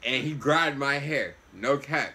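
Bright-toned young man telling a slangy story. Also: mid-range voice, measured pace. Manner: loose slangy storytelling, animated, swearing freely. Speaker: reaction video host. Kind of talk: casual storytelling chat.

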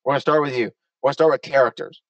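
A man hosting a casual panel chat, talkative and quick to laugh. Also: mid-range voice, steady tone, no echo, far from the mic, muffled recording. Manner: chatty, laughs often. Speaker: host.

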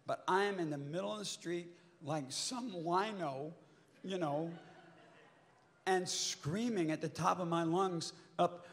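A man's voice: sits high, measured pace. Older man telling stories in a reverberant hall. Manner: animated raconteur, swears, shouts at peaks. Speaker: convention panel guest. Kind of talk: storytelling Q&A on stage. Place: large convention hall.

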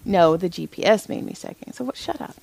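A woman co-hosting a casual chat, animated and swearing freely as she acts out what people said. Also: lowish voice, brisk, creaky. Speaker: podcast co-host.

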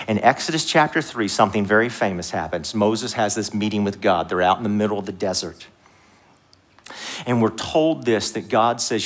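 A male pastor preaching a sermon in a church, conversational and animated, rising high for emphasis and dropping to a hushed voice. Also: normal speed. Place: church sanctuary.

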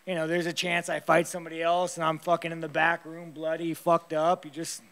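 Tired fighter guy at a post-fight presser, gravelly a bit high voice, blunt and rambly, swears a ton. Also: monotone, brisk, a bit bright.

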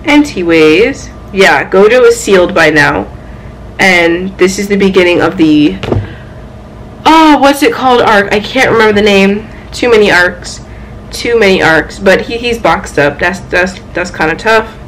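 A young woman chatting casually at home about her manga haul, excitable and playful, with loud exclamations and quick asides. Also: mid-range voice, a little hiss or hum, poor audio. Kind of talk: casual chat.

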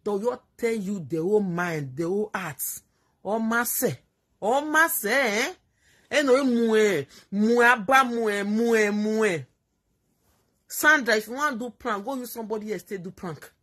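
A social media commentator with a mid-range, slightly bright voice rants in Nigerian Pidgin English on a casual live stream. Speaking a bit slowly, she scolds emphatically, repeats herself, and laughs along the way.

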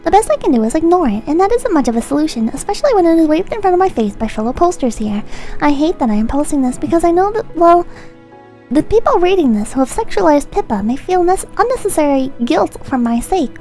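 A woman streamer reading viewer messages in a soft, close-miked ASMR voice, irreverent and prone to swearing, shifting into a mock-solemn reading tone. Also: high voice, very animated, quick pace, faint music behind. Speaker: streamer host.

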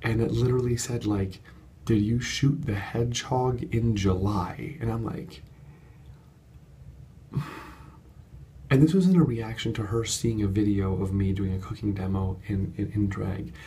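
Gravelly, chatty man vlogging from home. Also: fairly low pitch, measured pace, a little hiss or hum. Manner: chatty, animated storytelling with many fillers. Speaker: vlogger and course coach. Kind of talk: unedited casual vlog monologue. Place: home studio apartment at night.

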